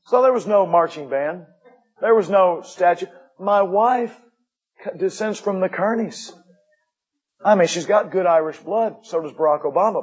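A middle-aged man preaching a sermon with personal stories, folksy, moving between upbeat jokes and hushed intensity. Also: a little high, low-quality recording. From United States. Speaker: missionary pastor.

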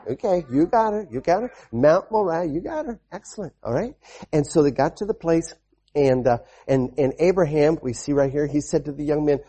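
Husky-voiced man preaching to children. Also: fairly high pitch, moderate pace. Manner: animated, repetitive, with call-and-response amens. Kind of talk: children's sermon storytelling.

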